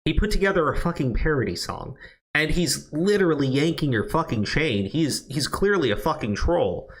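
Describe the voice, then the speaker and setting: Man, heated stream commentator; profane, stammering, lively and fairly high pitch. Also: normal speed. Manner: stammering, swearing, heated and ranting. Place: new office.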